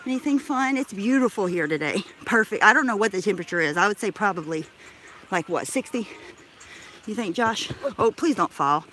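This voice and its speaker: A woman's voice: medium pitch, lively intonation, brisk, fairly bright tone, a little hiss or hum. A woman chatting on a live stream while walking through a park, out of breath, swearing casually and laughing often. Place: outdoors in a crowded park. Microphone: handheld phone camera.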